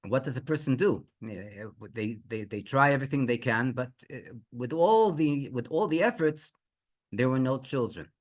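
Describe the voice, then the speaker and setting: A middle-aged man, a rabbi, telling a religious story with lots of restarts, fillers and rhetorical questions. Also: medium pitch.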